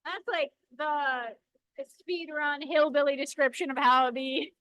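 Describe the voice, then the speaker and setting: A woman's voice: sits high, fairly even intonation, measured pace, pushed and bright, no echo, poor audio. A woman filming with a handheld camera in an indoor workshop, chatting playfully and correcting herself as she shows off cut stones by a rock saw. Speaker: lapidary shop co-host filming. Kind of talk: casual chat while demonstrating.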